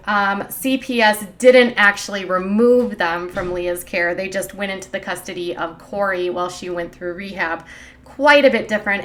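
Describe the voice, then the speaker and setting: A woman's voice: medium pitch, a bit bright. Opinionated lady streamer, sarcastic, rambly, lots of ums and likes. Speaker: gossip commentary streamer. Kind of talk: casual livestream commentary.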